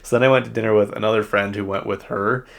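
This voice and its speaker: A man with a Utah accent runs a podcast of casual pop-culture talk, rambling along with plenty of fillers. He talks fast in a fairly low, gravelly voice with fairly even intonation.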